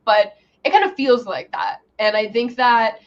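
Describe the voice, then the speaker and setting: A woman's voice: on the high side, steady tone, measured pace. Podcast host lady, easygoing and thoughtful, audio kinda dull. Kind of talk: casual interview chat. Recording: slightly dull, muffled audio.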